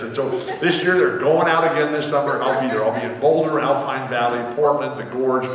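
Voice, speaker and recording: A man in his sixties, a guest author telling rambling, animated anecdotes to a live theater audience, acting out the people he quotes. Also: medium pitch, fairly quick, few pauses, distant mic. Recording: echoey hall, mic heard from afar.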